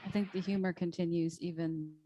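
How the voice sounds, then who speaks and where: A woman telling a personal story on a video call, in a lively way with laughter. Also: fairly low pitch, a little fast, highs cut off. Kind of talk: casual storytelling.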